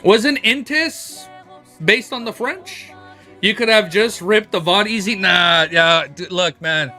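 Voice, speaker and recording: Hyped up guy streaming, high lively voice, bright tone, rambles and curses, music playing low behind him. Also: takes it slowly. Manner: excitable, rambling, swears casually. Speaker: livestream host. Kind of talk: casual livestream chat. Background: faint background music.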